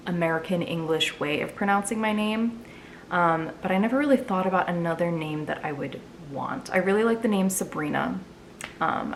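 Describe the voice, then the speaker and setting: A woman's voice: on the low side, vocal fry, slight background noise. A young woman chatting casually in a vlog, answering viewer questions with lots of fillers. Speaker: book vlogger.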